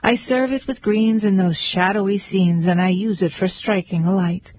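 A woman's voice: medium pitch, steady tone, normal speed, a little mellow, no room sound, natural voice, poor audio. A woman reading verse aloud, voicing a mild, tearful male baker telling his woeful story. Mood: mournful. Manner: mournful, pleading.

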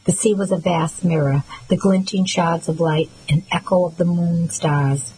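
A woman reading a first-person novel aloud as an audiobook narrator, in a measured, steady way. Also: fairly low pitch, a little hiss or hum, rough recording.

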